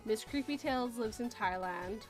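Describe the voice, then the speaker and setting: Giggly woman, fairly high voice. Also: normal speed, faint music behind. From Canada. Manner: giggly, rambling, self-deprecating. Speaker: podcast host. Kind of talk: casual chat.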